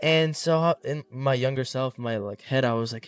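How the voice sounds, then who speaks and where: Speaking a little fast with few pauses, this young podcast co-host chats casually, relaxed as he tells stories and lets the occasional swear word slip. His mid-range voice comes through clean and echo-free, though the mic sits slightly distant in a dry room, with faint music playing.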